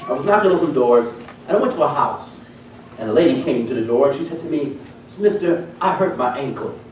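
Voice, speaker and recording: A man's voice: medium pitch, expressive, quick pace, a little hiss or hum. A man preaching a testimony sermon, telling his story with animation and acting out the voices of the people in it. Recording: echoey hall, recorded from a distance.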